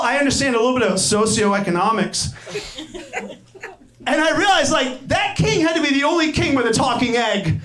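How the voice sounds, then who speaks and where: A young adult man doing a stand-up comedy set, animated and incredulous, swearing freely. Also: extremely high pitch. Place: comedy club stage. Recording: roomy live club sound with crowd. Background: laughing audience.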